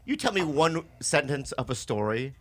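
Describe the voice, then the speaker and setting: A man's voice: mid-range voice, very animated, moderate pace. A man co-hosting a comedy podcast in casual chat, laughing often, swearing and repeating himself. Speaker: podcast co-host.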